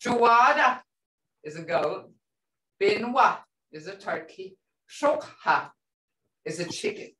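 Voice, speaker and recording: Slow, animated woman teaching a language. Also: medium pitch. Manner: patient, repeats words for the class. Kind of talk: classroom language lesson. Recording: roomy sound from a distance.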